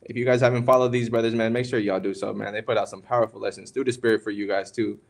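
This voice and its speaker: A man's voice: fairly low pitch, steady tone, fast talker, creaky. A young man co-hosting a podcast, giving casual religious teaching on marriage in a conversational, preachy way. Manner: conversational, preachy, calls listeners "man" and "bro". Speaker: podcast co-host.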